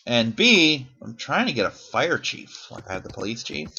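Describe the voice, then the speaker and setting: A man's voice: medium pitch, sing-song, normal speed, bright, forceful tone, highs cut off, a little hiss or hum. A man rambling through casual gameplay commentary as a YouTuber, swearing freely and poking fun at himself. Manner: rambling, profane, self-deprecating.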